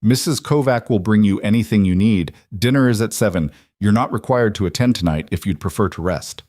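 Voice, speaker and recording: A cold mafia boss giving flat, curt orders in a fairly low voice, as read by a male narrator. He sounds close and dry, with no room around him. It is a romance audiobook character. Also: fairly quick, no echo, lightly acted. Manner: curt, matter-of-fact commands.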